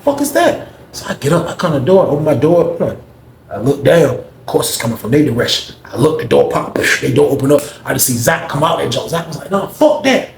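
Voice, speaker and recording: Casting: quick, slangy male storyteller, somewhat high voice, echoey room with faint ambience. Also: creaky, a little hiss or hum. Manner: slangy, animated retelling. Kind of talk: casual storytelling.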